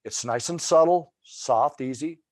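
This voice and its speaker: A man's voice: fairly high pitch, unhurried. A man giving a webinar lesson on turkey hunting, explaining calls in a folksy, loose way with many restarts.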